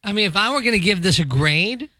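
A radio co-host trades wry, opinionated quips in casual studio banter. The voice is bright and rises and falls widely in pitch. The mic sounds close and dry. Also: lively intonation, fast, dry recording.

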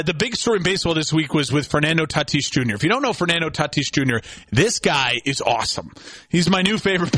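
A young adult man hosting a sports talk show, ranting excitably and bursting into shouts. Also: a little high, no room sound.

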